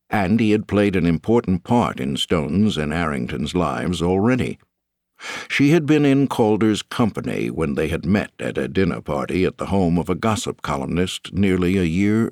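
A male audiobook narrator with a very deep voice. His delivery is lively and expressive, with the pitch rising and falling freely. The sound is dry and close-miked. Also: vocal fry, no room sound. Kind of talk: scripted narration.

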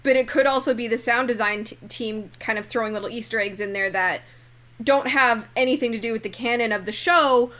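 Bright, eager young woman co-host. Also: a little high, fairly quick. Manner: eager, reactive, jumps in with questions. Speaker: podcast co-host. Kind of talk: casual podcast chat.

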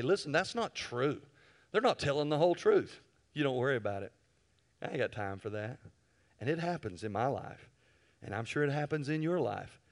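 A man preaching a sermon in a folksy way, acting out the quotes and building to loud, emphatic peaks. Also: medium pitch. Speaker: pastor.

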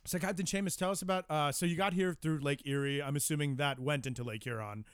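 A man's voice: a little high, fairly even intonation, fast talker, a bit bright, smooth, dry recording, clean studio sound. A man co-hosting an improvised comedy podcast, playful and laughing easily. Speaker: podcast co-host.

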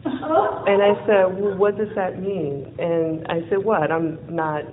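Brief: woman storyteller, lively, acts out the dialogue, phone-like sound, faint hiss. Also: fairly low pitch, slow. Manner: lively, acts out quoted dialogue, laughs often. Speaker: speaker telling a personal story. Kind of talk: personal storytelling with a closing lesson.

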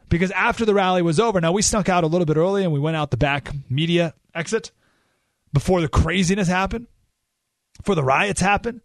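A man hosting a talk radio show, telling a story in an animated, emphatic way with rising indignation. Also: sits high, fairly quick, dry recording, clean studio sound. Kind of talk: opinionated radio monologue.

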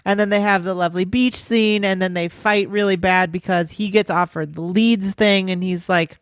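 A man's voice: sits high, steady tone, normal speed, hardly any pauses, fairly bright tone, clean tone, dry recording, studio quality. A man co-hosting a podcast, retelling a film plot in loose, laughing casual talk. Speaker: podcast co-host.

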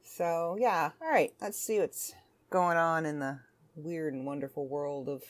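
A woman's voice: low voice, fairly even intonation, measured pace. A woman hosting a casual solo podcast from home, chatting in a rambling, self-interrupting way. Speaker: podcast host.

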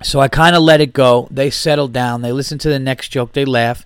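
A man's voice: medium pitch, fairly even intonation, a little fast, clean tone, dry recording, studio quality. A male comedian and podcast host telling a story in a casual, profane and exasperated rant.

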